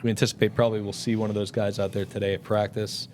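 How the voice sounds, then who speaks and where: A man hosting a casual sports podcast, talking in a halting way with many restarts and fillers. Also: fairly low pitch, level tone, darkish tone, slight background noise. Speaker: podcast host.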